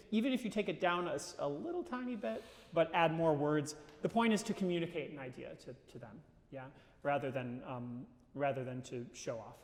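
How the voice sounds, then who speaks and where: A man coaching a singer in a live masterclass, casual and animated, breaking into sung phrases to show what he means. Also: a little high. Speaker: voice teacher leading a masterclass. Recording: roomy hall reverb.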